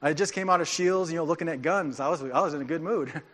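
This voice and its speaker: A man preaching a sermon as pastor, speaking in an animated, informal way with restarts and asides. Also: a little high, quick pace. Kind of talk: conversational sermon.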